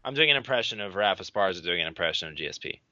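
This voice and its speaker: This podcast co-host has a low voice and talks rapid-fire, playfully commenting on grappling matches alongside a friend in casual live chat. He's lively and teasing, and the lo-fi recording has no echo.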